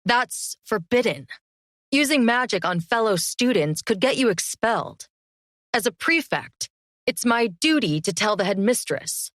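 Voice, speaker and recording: A woman's voice: on the high side, very animated, measured pace, fairly bright tone, dry recording, clean studio sound. A woman voicing an arrogant young male student prefect who talks with a sneer. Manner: sneering, pompous.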